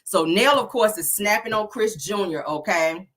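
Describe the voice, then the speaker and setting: A woman recapping a reality show episode in a sassy, animated, slang-filled way. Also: medium pitch, normal speed. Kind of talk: casual chat.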